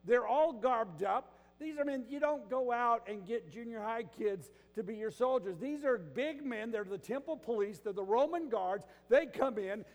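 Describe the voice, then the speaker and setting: An older man preaching a sermon, moving between loud emphatic bursts and quiet, hushed stretches. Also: extremely high pitch, lively intonation, moderate pace, few pauses, long reverb tail. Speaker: pastor.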